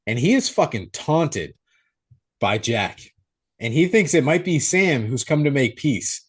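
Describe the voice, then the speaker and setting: A young man co-hosting a podcast, recapping a horror movie in a profane, animated way. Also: mid-range voice, measured pace, husky. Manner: profane, animated storytelling with acted-out quotes. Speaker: podcast co-host. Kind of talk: casual movie recap chat.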